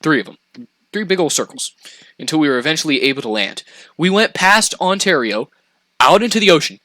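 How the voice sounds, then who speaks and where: Brief: young man, lively swooping storyteller with a slightly high, bright voice, dry close sound. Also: brisk, no echo. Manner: animated, profane, laughs through the telling. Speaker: podcast storyteller. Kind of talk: casual storytelling chat.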